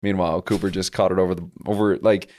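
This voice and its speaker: A man's voice: low voice, steady tone, quick pace, a little mellow. A young man co-hosting a casual sports podcast, patiently explaining football plays and rules. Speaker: podcast co-host.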